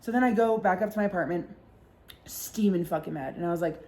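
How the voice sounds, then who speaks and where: A woman's voice: on the low side, fast talker, dark tone. Young female vlogger, casual storyteller, rambly and profane. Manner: rambling, heavy swearing, lots of "like". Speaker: podcast vlogger.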